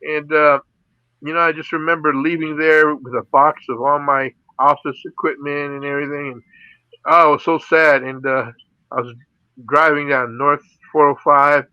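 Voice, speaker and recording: A man's voice: a little high, flat delivery, moderate pace, pushed and bright, clean tone, dry recording, muffled recording. A middle-aged man from the Philippines, an interview guest and radio DJ, telling his stories in a casual way, laughing often and saying "you know" a lot. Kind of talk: casual storytelling.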